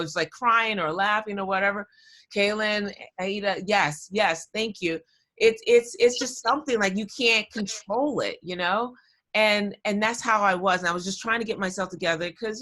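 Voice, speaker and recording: A woman giving a talk to students over a video call, telling a personal story in an animated, chatty way and often getting sidetracked. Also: mid-range voice. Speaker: guest speaker.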